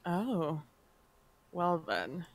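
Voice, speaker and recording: A woman's voice: on the low side, sing-song, drawn-out words, vocal fry. A woman playing a tabletop fantasy game, asking questions of a character in a casual, in-character way. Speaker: player.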